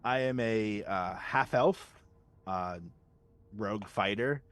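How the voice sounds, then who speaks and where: A man's voice: on the low side, takes it slowly, fairly bright tone. A man playing a tabletop game, describing his half-elf rogue in character in a playful way. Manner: playful, breaks into character voices. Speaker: player.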